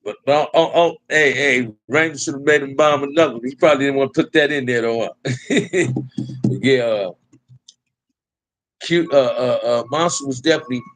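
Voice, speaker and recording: A livestream host from Compton, California reads viewer comments and answers them in a mid-range voice at a fairly quick pace, his laid-back, slang-heavy replies often ending on "man." The recording is dry and rough.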